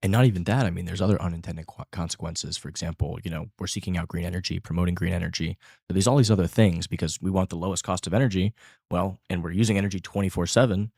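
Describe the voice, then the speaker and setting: A man's voice: sits low, fairly even intonation, fast, vocal fry, darkish tone, no room sound, clean studio sound. A male podcast host in casual chat, eager and affirming, with many loose fillers.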